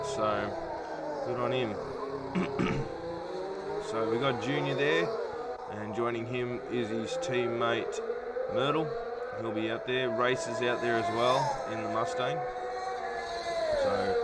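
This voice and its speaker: A man's voice: mid-range voice, heavy background noise. A man doing casual live-stream commentary for an online racing league, talking with many fillers while feeling unwell. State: not feeling well.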